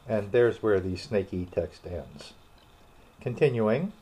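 A man narrating a storybook in a slow, expressive reading. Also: mid-range voice. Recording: dull lo-fi recording.

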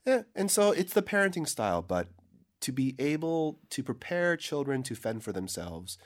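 A young man co-hosting a casual English lesson, relaxed and acting out little example dialogues. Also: mid-range voice, moderate pace. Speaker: co-host English teacher.

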